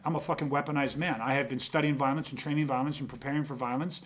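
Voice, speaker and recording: Man, podcast host, intense, profane, stumbling restarts, mid-pitched voice. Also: steady tone, fast, fairly bright tone. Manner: intense, profane, repeats words when starting sentences. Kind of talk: casual podcast conversation.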